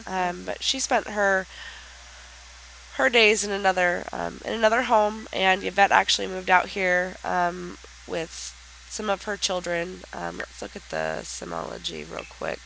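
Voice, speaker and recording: A woman with a raspy, nasal voice from a sinus infection, giving hesitant, chatty commentary as she plays a life-sim game. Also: fairly low pitch, expressive, a little slow, a bit bright, slight background noise, low-quality recording. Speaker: let's play host.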